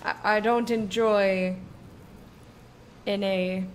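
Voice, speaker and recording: A woman streams a video game and chats casually with her viewers, drawing out her words and lingering on them. Her mid-range voice keeps a steady tone, with slight noise in the background.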